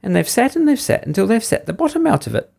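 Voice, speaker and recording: A man voicing a small boy bear cub with a squeaky, shrill voice in a storybook reading. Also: sing-song, quick pace, gravelly, a little mellow, full character voice. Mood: whiny.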